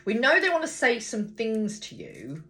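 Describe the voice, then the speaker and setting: Lively, blunt woman doing tarot. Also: a little high, normal speed. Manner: chatty, blunt, swears freely; thinks aloud, talks to viewers. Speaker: tarot reader. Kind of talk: casual tarot card reading.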